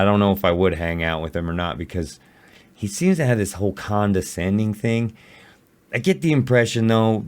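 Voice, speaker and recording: A man's voice: low voice, darkish tone. A man casually reacting to a video on a livestream, blunt, sarcastic and often swearing.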